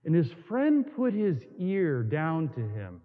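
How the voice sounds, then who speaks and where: A man preaching a sermon as a priest, telling stories with emphatic repetition and dramatic pauses. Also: on the high side, huge pitch swings. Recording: tinny, in a long reverberant hall.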